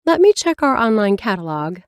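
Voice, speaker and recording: A bubbly, talkative young librarian, put on by a woman reading an audiobook, her voice lifting higher than the narration and swinging lively up and down. Eager and friendly, she sounds close and dry on the mic. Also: brisk, clean tone, no room sound, lightly acted.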